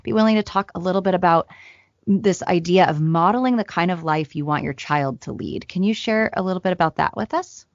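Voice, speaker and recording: A woman's voice: fairly low pitch, fairly quick, no room sound, dull audio. A woman co-hosting a parenting podcast, asking her guest questions in an appreciative way. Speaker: podcast co-host. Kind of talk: interview questions.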